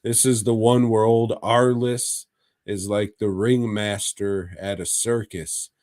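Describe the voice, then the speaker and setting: A man co-hosts a podcast in casual, profane chat and rambles through stories. His voice sits low and moves slowly. The sound is close and completely dry. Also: steady tone, a little mellow, no echo. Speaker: podcast co-host.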